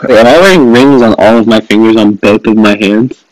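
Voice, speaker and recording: This man hosts a gaming video, joking sarcastically, swearing, and laughing frequently as he plays a mobile game. He speaks at a moderate pace with a fairly low pitch, on a low-quality recording without echo.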